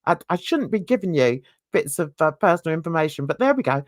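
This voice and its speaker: A woman's voice: low-pitched, big pitch swings, fast, dry recording, studio quality. A woman talking casually to her viewers in a chatty, rambling way, full of asides and questions to her audience. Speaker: YouTube commentator. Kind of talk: casual chat to camera.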